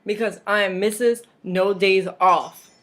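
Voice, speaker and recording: A woman talks through a wrestling recap at home, rambling loosely with lots of fillers. She laughs easily and drops mocking asides. Her pitch is middling for a woman and her tone is relaxed and conversational. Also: a little slow. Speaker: vlog host. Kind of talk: casual wrestling recap vlog.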